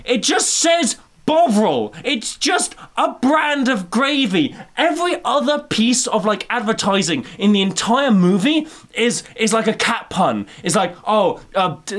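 A man doing a rambling comedic film review rant that keeps building to shouted outbursts. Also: high-pitched. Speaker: video essayist.

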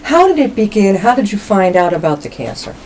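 A woman's voice: medium pitch, sing-song, a little fast, darkish tone, rough recording. Chatty woman hosting a community show, faint hiss. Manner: chatty, jokey. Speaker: talk show host. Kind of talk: casual interview.

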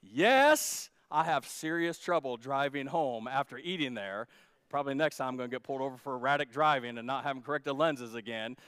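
A man's voice: medium pitch, fairly quick, fairly bright tone, clean tone, dry recording. Man, pastor, sermon, church service, conversational and joking, clean dry sound. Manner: jokey, conversational preaching.

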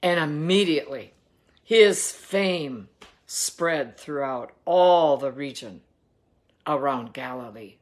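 A woman's voice: low voice, animated, takes it slowly. A woman reading the Bible aloud and adding earnest devotional commentary that urges listeners to act. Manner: earnest, exhorting. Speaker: Bible reader and devotional teacher.

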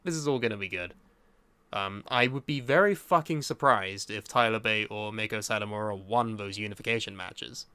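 A man's voice: on the low side, normal speed, bright, forceful tone, smooth, no echo. A man co-hosting a podcast, swearing and joking bluntly in casual banter. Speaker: podcast co-host.

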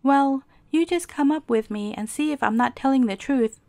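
A woman's voice: high voice, moderate pace, vocal fry, a little mellow, no echo, clean studio sound. A woman voicing an earnest little princess. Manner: pleading, indignant. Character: young princess girl, earnest and easily hurt.

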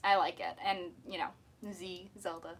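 Young woman, mermaid streamer, bright tense tone, chatty, giggly, casual stream talk. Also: lowish voice, little pitch movement, normal speed, breathy edge. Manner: chatty and giggly, answering chat while painting nails. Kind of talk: casual live-stream chat.

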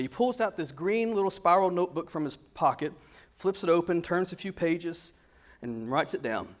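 A man pastor giving a sermon in an animated, conversational storytelling manner. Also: fairly high pitch, a little fast.

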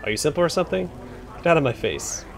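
A man doing a gruff, rude pit boss. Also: fairly high pitch, expressive, fast, slight background noise, voice pushed up. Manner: surly, dismissive.

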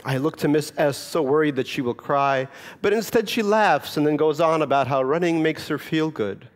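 A man's voice: on the high side, moderate pace. A Russian-born man with Russian as his first language, an author reading from his memoir and then chatting about it with dry, self-mocking humor.

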